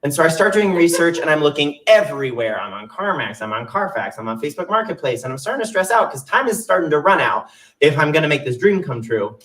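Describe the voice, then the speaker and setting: Young male solo performer, chatty and self-mocking, slightly high voice, distant mic. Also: big pitch swings, fast talker, fairly bright tone. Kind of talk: storytelling monologue with songs.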